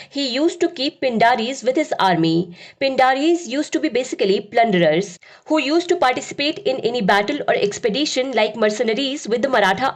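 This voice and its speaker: A woman narrating a scripted history lesson as a teacher, in a steady, explanatory lecturing manner. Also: on the high side.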